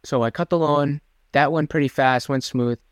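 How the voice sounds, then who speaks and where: A man's voice: on the high side, steady tone, moderate pace, clear, resonant tone, no room sound, studio quality. A young man co-hosting a podcast, telling a rambling, self-deprecating story in casual chat. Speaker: podcast co-host.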